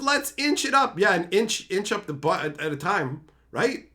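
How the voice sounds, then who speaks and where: A man's voice: high voice, big pitch swings, normal speed, sharp tone. A young adult man livestreaming, ranting in a profane, theatrical way. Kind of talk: livestream rant.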